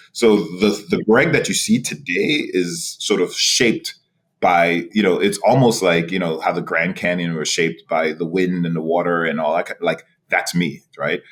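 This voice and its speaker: In a storytelling interview, a low-voiced man from New York in his forties, an executive director, shares his career path as a podcast guest. Restarts and laughs come often, his manner is animated, and he keeps returning to a rhetorical "right?".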